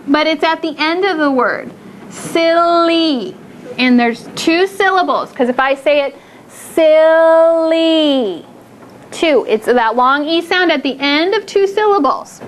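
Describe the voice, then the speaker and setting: A woman leads young children through a phonics lesson in a very high, bright voice. She keeps it upbeat and encouraging, slowing right down to stretch out each word she models. A faint hiss of room noise sits under the classroom recording. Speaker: teacher. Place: classroom with small group of children.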